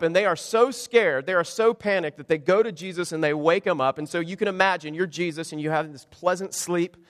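A man preaches a sermon with a high, light voice that rises toward the top of the male range. His delivery is conversational and dryly humorous, and he strings rhetorical questions together. The sound carries a long reverb from a church sanctuary. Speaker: pastor.

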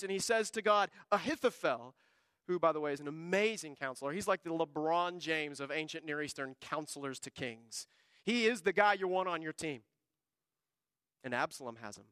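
A man preaching a sermon, swinging between hushed lines and emphatic bursts. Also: sits high, clean tone, no room sound. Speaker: pastor.

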